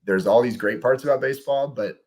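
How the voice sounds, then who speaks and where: A young man, a minor league pitcher, guesting on a casual podcast and telling stories with many fillers and restarts. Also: a little fast, darkish tone. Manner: chatty storytelling with frequent fillers and restarts.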